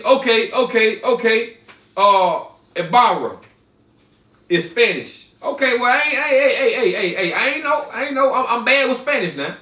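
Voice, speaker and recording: High-voiced man chatting in an echoey room. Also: a bit bright, recorded from a distance. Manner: loose, repetitive, slangy. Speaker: online seller reading viewer names. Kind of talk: casual livestream chat.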